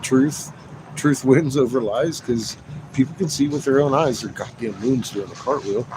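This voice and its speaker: A man's voice: mid-range voice, moderate pace, noisy background. A man livestreaming a rambling, profane rant, swearing constantly, repeating himself and laughing between points.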